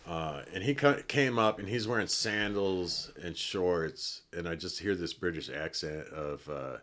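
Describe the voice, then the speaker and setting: A middle-aged man from Colorado, a podcast guest telling a long story in a relaxed, rambling way with many fillers and restarts. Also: low-pitched, a little slow. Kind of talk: casual storytelling.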